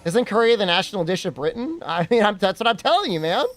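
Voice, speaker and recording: A man's voice: high voice, sing-song, quick pace. A young American man streaming and chatting casually, joking and reacting to questions from his chat.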